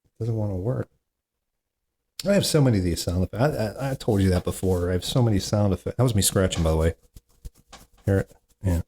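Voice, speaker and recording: A man's voice: deep voice, a little fast, long pauses, mellow, husky. A man hosting a solo comedy podcast, reading corny jokes aloud with chatty, self-mocking asides and groans at how bad they are. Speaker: podcast host.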